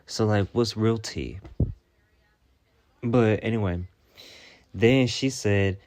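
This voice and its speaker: A man's voice: on the low side, slow pace, long pauses, a little mellow. A young man telling a story in a casual vlog, sassy and blunt, cursing freely as he reads out his own messages. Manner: retells a chat, reading out his messages.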